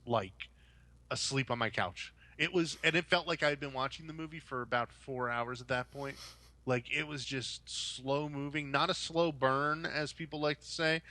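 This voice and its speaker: Podcast co-host, young adult man, bright dry voice, rambling chatty delivery. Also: medium pitch, no echo. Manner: rambling, animated storytelling with mock-quoted voices. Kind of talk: casual chat.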